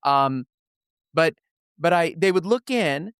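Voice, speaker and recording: A man hosting an interview show, chatting casually and telling stories with lively, animated delivery. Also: on the high side, slow, smooth, dry recording, clean studio sound. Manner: lively storyteller, acts out voices. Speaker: podcast host.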